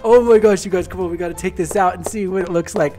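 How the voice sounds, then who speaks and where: A woman hosting a gaming video, giving excited gameplay commentary with gasps, squeals and playful sound effects. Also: on the low side, quick pace, faint music behind.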